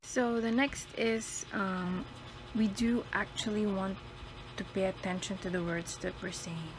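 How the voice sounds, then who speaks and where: A woman presenting a school video, calmly explaining pronunciation tips and repeating example words one by one. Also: medium pitch, unhurried, very noisy. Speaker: student presenter.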